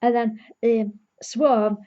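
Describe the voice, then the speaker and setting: A woman's voice: fairly high pitch, fairly even intonation, takes it slowly, muffled recording. A woman giving an earnest, emotionally invested casual review, recapping an episode's plot as a fan.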